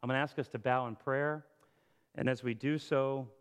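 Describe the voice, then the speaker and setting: A man preaching a sermon as pastor, rising to impassioned appeals and dropping to a hushed prayer, recorded in a church auditorium. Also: medium pitch, fairly even intonation, moderate pace, smooth. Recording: long hall reverb.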